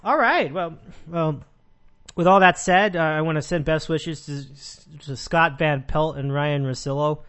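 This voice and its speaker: Rambling sports podcast host. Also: male voice, on the high side, a little slow, a bit bright. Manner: rambling, frequent restarts and laughs. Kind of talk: casual sports podcast chat.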